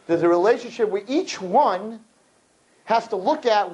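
A man giving a sermon to a live audience, preachy and animated, acting out little scenes as he talks. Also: high voice, unhurried, rough recording. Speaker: religious speaker.

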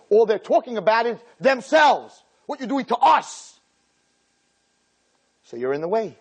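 A middle-aged male rabbi giving an animated sermon to girls. His husky voice sits fairly high and leaps around, and he acts out bits of dialogue as he goes. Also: a little slow, long pauses.

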